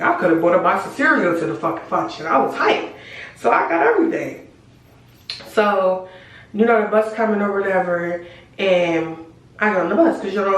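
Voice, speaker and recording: A woman telling a storytime to her viewers in a casual, animated, slangy and profane way. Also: lowish voice, distant mic. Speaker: storytime vlogger. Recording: very echoey room, voice away from mic.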